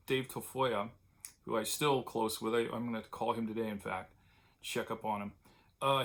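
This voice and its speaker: A man's voice: medium pitch, a bit bright. Rambling older man reminiscing at home. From California. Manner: rambling, digressive, with many fillers and restarts; wistful and tender when remembering a late friend. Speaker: vlogger. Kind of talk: casual reminiscing monologue.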